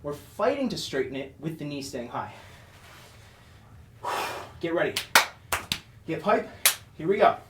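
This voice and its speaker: A man's voice: fairly high pitch, very animated, unhurried, long pauses, roomy sound, recorded from a distance, noisy background. A man coaching a follow-along workout with short, encouraging cues, out of breath as he exercises along. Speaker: fitness instructor.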